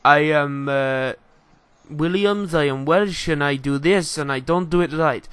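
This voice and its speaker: A man's voice: medium pitch, level tone, takes it slowly, a bit bright, clean tone, dry recording. A man voicing a clumsy male footballer in a jokey put-on accent, self-mocking.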